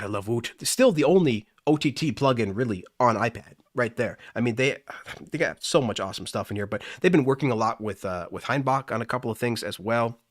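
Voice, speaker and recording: A man's voice: fairly low pitch, a bit bright, no echo, clean studio sound. A man hosting a casual livestream, talking enthusiastically and gushing about music apps. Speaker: livestream host.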